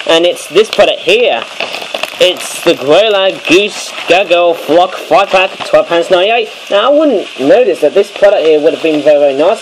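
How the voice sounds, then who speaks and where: A man reviewing homemade toy cards at home late at night, rambling with many fillers and sudden excited outbursts. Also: fairly high pitch, background noise. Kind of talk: casual toy review vlog.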